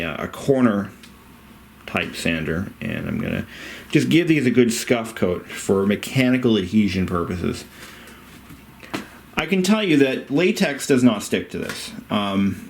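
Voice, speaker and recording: A man's voice: fairly low pitch, slight background noise. A man talking casually through a home renovation job in his basement, rambling, frank and a little profane. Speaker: DIY home renovation vlogger. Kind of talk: casual rambling how-to talk.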